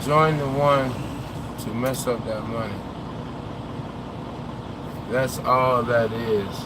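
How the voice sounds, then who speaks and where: A man's voice: mid-range voice, steady tone, slow, noisy background. A young man, a trucker vlogger, chats casually from inside his truck cab, answering viewer comments in a rambling, opinionated way and sometimes losing his train of thought.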